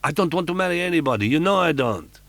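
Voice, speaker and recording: A man voicing a frightened young woman held captive in an audiobook, raising his voice high for her. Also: animated, fast, creaky, fairly bright tone, no room sound.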